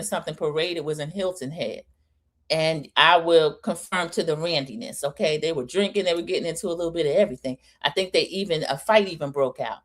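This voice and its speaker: A middle-aged woman hosting a live-stream reality-TV recap in casual chat, talking straight to her viewers and thanking them by name. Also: fairly low pitch.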